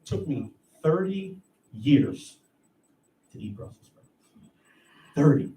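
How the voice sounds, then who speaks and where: Man in his thirties doing stand-up, lively and profane, echoey club heard from afar with crowd noise. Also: a little high, slow. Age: 30s. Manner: profane, animated, acts out voices. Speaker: stand-up comedian. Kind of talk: stand-up set. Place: comedy club stage. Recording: echoey room, heard from a distance. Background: audience laughter and room noise.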